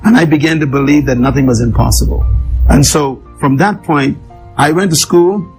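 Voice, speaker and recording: A man's voice: on the high side, normal speed, music in the background, low-quality recording. A man telling his life story in an interview, earnest and emphatic, repeating key words for weight. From an island nation.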